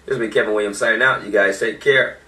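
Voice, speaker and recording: A man's voice: lowish voice, steady tone, fast talker, bright, forceful tone, far from the mic. A man giving an informal motivational talk, emphatic and repeating his key points. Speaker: motivational speaker. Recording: echoey room, voice off-mic.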